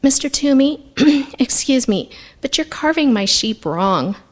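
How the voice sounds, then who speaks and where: Storybook boy of seven, voiced by a woman: high, eager, polite, pleading. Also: animated, measured pace. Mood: earnest.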